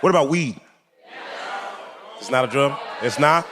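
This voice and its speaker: A young man doing a stand-up comedy routine, telling a story with animated delivery and acted-out voices on a club stage. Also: mid-range voice, measured pace, a crowd in the background, noisy background. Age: 20s.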